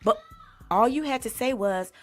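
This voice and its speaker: A woman hosting a comedic vocal critique, sassy and mocking, bursting into exaggerated loud sung imitations. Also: on the high side, animated, normal speed, faint music behind. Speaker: host critiquing a singer. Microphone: desk mic.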